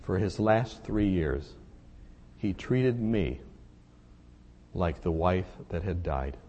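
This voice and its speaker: A man's voice: low-pitched, animated, slow pace, dark tone, dull audio. Man preaching a personal story. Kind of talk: sermon storytelling.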